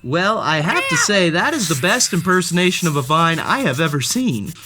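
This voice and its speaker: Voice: medium pitch, very animated, moderate pace, background noise. A storybook read-aloud host narrating a children's story with playful, theatrical flair and speaking directly to the story's cat.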